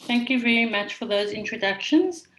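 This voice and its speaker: A woman moderating an online conference session over a video call, speaking in a measured, orderly way and welcoming participants. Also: fairly high pitch, animated, poor audio. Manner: measured, orderly, reads names from the chat.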